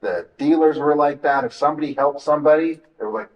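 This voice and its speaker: A man's voice: fairly high pitch, quick pace, darkish tone, far from the mic, dull audio. A man hosting an interview, speaking in a conversational, blunt and encouraging way. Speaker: interview host. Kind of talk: casual interview chat.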